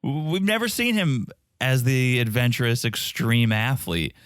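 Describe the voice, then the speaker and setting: A man's voice: medium pitch, lively intonation, unhurried, fairly bright tone, smooth, dry recording, clean studio sound. A man co-hosting a podcast, chatting casually and joking while recapping a reality show. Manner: joking, playful impressions of the cast. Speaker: podcast co-host.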